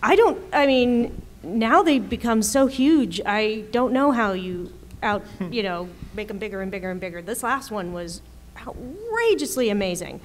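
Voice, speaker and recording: A chatty woman speaking on a convention panel, her voice sitting a little high and breaking into laughter often as she rambles through writing stories. A faint hum of room ambience sits under her voice. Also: animated, normal speed. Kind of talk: panel discussion.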